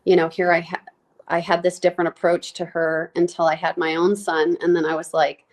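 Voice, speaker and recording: A woman nurse practitioner speaking candidly in an interview, reflective and halting, with many fillers and restarts, close to tears as she talks. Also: fairly low pitch, completely flat delivery.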